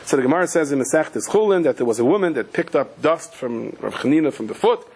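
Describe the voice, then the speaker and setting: Husky storytelling rabbi, man. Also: fast. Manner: animated storyteller, acts out quoted voices with sudden high pitch; mixes Yiddish and Hebrew terms, light humor. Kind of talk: Torah class with stories.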